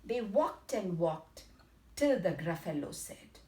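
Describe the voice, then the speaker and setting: A woman with an Indian accent reading a bedtime story to children in an expressive, sing-song way. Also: mid-range voice, slow. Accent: Indian English. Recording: echoey room.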